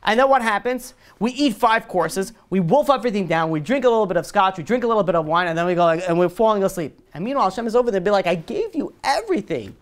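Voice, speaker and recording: Fast-talking rabbi preaching to a group. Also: male voice, high-pitched. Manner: rapid, animated, heavy with "you know" fillers and restarts. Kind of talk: storytelling sermon to a live group.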